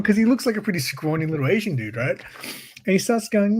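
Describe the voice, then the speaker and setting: Laughing often, an Australian-accented man swaps stories in casual conversation. He speaks briskly in a fairly high, expressive voice that carries a breathy edge.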